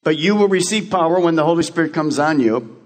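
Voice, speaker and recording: A male pastor delivers an urgent, exhorting sermon in a church sanctuary. His fairly high voice rises and falls in lively swings as he repeats key lines. A long hall reverb trails each phrase. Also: fairly quick.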